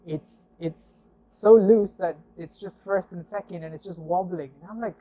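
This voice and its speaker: A man with a high-pitched voice talks at a moderate pace with few pauses, in a dry recording. A guest telling car stories, he shares a casual anecdote, animatedly acting out the dialogue with lots of fillers and "I'm like."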